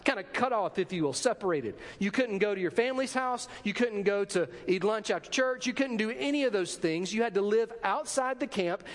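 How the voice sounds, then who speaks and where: A man's voice: high-pitched, in a large hall. A man preaching a sermon as pastor, asking rhetorical questions and acting out short quotes.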